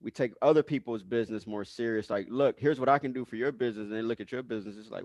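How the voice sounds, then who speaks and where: A man hosting a podcast, asking questions in a relaxed, slangy, conversational way. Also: medium pitch, quick pace, few pauses, no room sound. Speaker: podcast host. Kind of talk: casual podcast interview.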